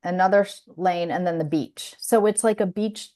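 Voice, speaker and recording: A woman with a fairly low, mellow voice at normal speed co-hosts a podcast. She tells a story in casual chat, laughing often and restarting her sentences.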